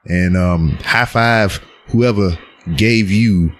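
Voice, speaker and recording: A man's voice: on the low side, takes it slowly, fairly bright tone. A man hosting his podcast, opening with a friendly greeting and thanks to listeners. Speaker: podcast host. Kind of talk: casual show opening.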